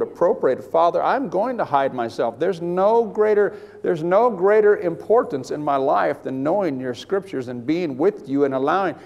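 A man preaching a sermon to a room of listeners, animated, swinging from hushed asides to loud emphatic bursts. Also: fairly high pitch, dull audio. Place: large hall with an audience. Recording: long hall reverb.

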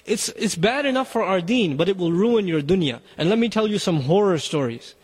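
Man preaching, urgent exhorting tone, high-pitched, long reverb of a hall. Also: expressive, a little fast, husky. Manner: urgent, exhorting, addresses parents directly. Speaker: Muslim speaker. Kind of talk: sermon.

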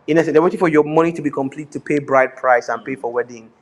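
Animated Nigerian man preaching, high voice. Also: fast talker. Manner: animated preaching, switches into pidgin, laughs often. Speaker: pastor. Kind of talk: sermon.

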